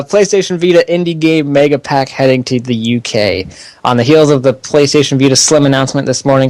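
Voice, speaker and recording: A man's voice: medium pitch, darkish tone, no room sound. A young man co-hosting a casual podcast, laughing often and stumbling through the news he reads. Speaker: podcast co-host.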